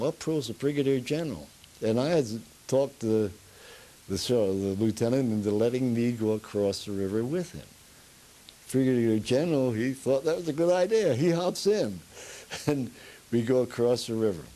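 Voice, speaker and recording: A man's voice: mid-range voice, expressive, moderate pace, warm tone, poor audio. An older man in an oral history interview, a rambling storyteller who chuckles as he goes, with a Pennsylvania Dutch accent. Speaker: veteran being interviewed.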